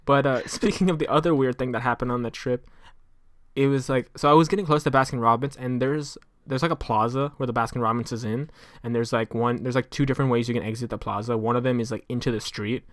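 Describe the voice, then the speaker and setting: A young man on a casual podcast, telling a story in a loose, rambling way and stacking up fillers as he goes. His voice sits at a middle pitch and sounds dry and close, with no room around it. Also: steady tone, fast, no echo. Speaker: podcast co-host.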